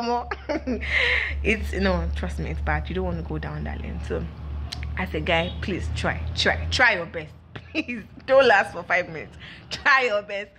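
A woman's voice: mid-range voice, pushed and bright, a little hiss or hum. A young woman, chatting and gossiping casually to her viewers with lots of fillers. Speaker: vlog host. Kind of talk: casual chat to camera.

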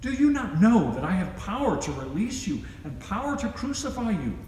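Reading scripture at a worship service, this man uses a high, darkish voice with big pitch swings and a moderate pace, getting louder for the quoted speech. Long church reverb and faint hiss fill the recording.

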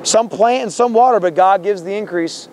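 A man's voice: sits high, moderate pace, noisy background. A man street preaching outdoors on a campus, fervent and confrontational, quoting scripture and repeating his words. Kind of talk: confrontational open-air preaching.

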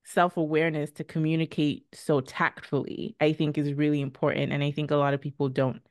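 A podcast host answers a guest in a thoughtful, affirming way, speaking casually at a mid pitch. The recording is dry and close, with no room sound. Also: little pitch movement, fairly quick, no room sound. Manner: reflective, affirming. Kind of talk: casual interview talk.

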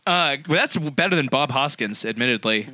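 A man's voice: mid-range voice, moderate pace. A man co-hosting a comedy podcast, joking loosely and breaking into silly voices. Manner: animated, jokey, slips into silly impressions. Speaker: podcast co-host. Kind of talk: casual comedy podcast banter.

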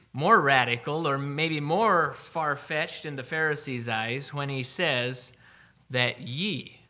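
A man preaching a sermon, emphatic, slowing down to read scripture aloud. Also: fairly high pitch, bright, forceful tone.

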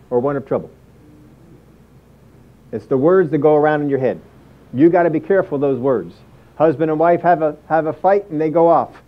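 A man's voice: a little high, muffled recording. A man preaching a sermon as pastor, emphatic and repetitive, often acting out inner thoughts.

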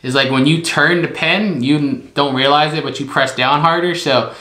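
A man with a fairly high, bright, forceful voice speaks at a moderate pace, hosting a casual vlog about items from a storage unit as a reseller. He rambles and hedges constantly, filling his talk with "like." The room is echoey with faint noise.

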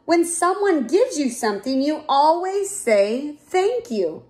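A woman's voice: sits high, big pitch swings, slow pace, a little mellow, voice pushed up, exaggerated voice. A woman voicing a patient mother bear who kindly teaches her cub manners in a storybook. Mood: teaching. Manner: kindly, instructive.

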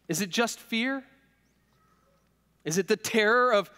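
A man preaching a sermon as pastor, speaking earnestly and emotionally and moving from loud appeals to hushed tones. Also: high voice, animated, a little slow, pauses often, big-room sound. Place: church sanctuary.

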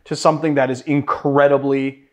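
Brisk and level-toned, a medium-pitched male voice belongs to a young man from Boston, USA running a laid-back cocktail tutorial. He keeps up a chatty, self-deprecating patter as he makes drinks.

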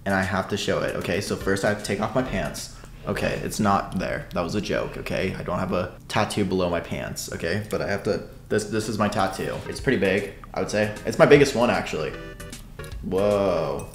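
Male streamer, lowish voice, loose crude chatter to chat, echoey room, soft music bed. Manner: rambling, crude joking, swearing. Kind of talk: casual livestream chat.

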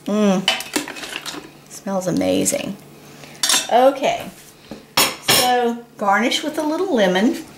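A woman's voice: a little high, sing-song, slow pace, long pauses, heavy background noise. A woman hosting a casual cooking demonstration at home, chatty and enthusiastic as she cooks and tastes. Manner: chatty and enthusiastic, talks while eating. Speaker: cooking show host. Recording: echoey kitchen with clattering dishes. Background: clattering pots and dishes.

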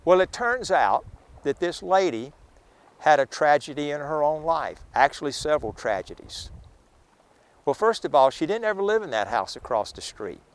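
A man's voice: fairly high pitch, big pitch swings, moderate pace, clear, resonant tone. A man guiding a ghost tour outdoors, retelling a witness's story with dramatic flair and acting out the voices of the people in it.

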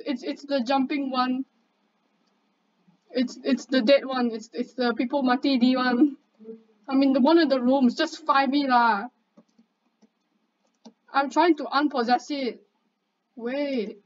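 A young woman, chatting excitably and bossily with a friend while commenting on a game, swearing casually. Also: sits high, takes it slowly, pauses often. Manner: excitable, chatty, bossy banter. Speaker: gamer. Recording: dull lo-fi mic, faint background noise.

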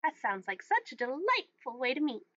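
A woman's voice: high-pitched, very animated, normal speed, pushed and bright, dry recording, lo-fi sound, heavily acted. A woman voicing a cheery young woman in her twenties working a corporate booth, bubbly and always smiling. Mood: flustered. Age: 20s.

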